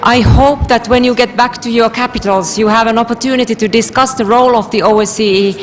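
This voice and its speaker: A woman session chair closing a meeting with courteous, measured formal remarks. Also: on the high side, fairly even intonation. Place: large assembly hall. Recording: crowd audible in a hall.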